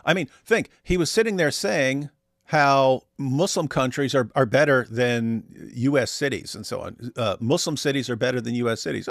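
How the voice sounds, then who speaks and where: A man's voice: mid-range voice, moderate pace, vocal fry, no room sound, clean studio sound. A man hosting a casual commentary show, reacting sarcastically to a clip. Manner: animated, sarcastic. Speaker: host.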